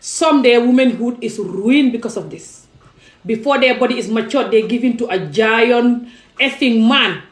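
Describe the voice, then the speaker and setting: A woman's voice: fairly high pitch, normal speed, reverberant, rough recording. A young adult woman, talking straight to camera in an emphatic, pleading monologue full of rhetorical questions. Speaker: vlogger. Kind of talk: impassioned direct-to-camera monologue. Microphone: phone or camera facing her.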